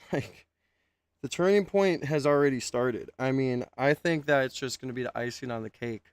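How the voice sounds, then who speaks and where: A man with a gravelly yet smooth, resonant voice, heard close and dry. He joins the casual stream chat in a laid-back, slangy way. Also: mid-range voice, moderate pace, no room sound.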